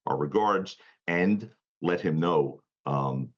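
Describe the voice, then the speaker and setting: A man's voice: low-pitched, slow, lo-fi sound. A male defense attorney, a guest on a talk show, telling a story emphatically and laughing now and then, over a remote call. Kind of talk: animated storytelling interview.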